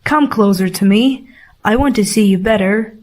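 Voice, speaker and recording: A woman's voice: medium pitch, normal speed, darkish tone, natural voice. A woman playing a pompous commanding king.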